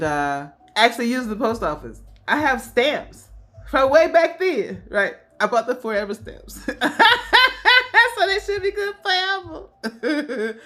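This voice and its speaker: Woman, 50s, bright-toned vlogger, casual storyteller who laughs a lot. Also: mid-range voice. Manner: chatty, laughs often, quotes others in animated voices.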